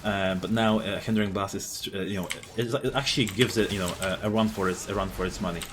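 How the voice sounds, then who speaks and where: A man giving live commentary over his own gameplay, explaining his moves, getting excited and swearing at enemies, with frequent fillers and restarts. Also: lowish voice, quick pace, background noise.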